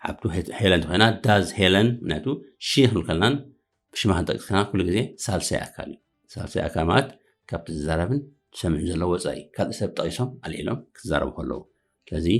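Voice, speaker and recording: A man teaching an English lesson for beginners. He says the English phrases slowly and loudly, then explains them fast in another language. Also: deep voice, breathy edge.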